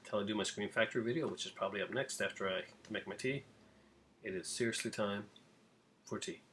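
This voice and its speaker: A man giving a casual spoken review to his channel, rambling with many pauses, fillers and restarts. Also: on the low side, a bit bright, a little hiss or hum. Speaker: video reviewer.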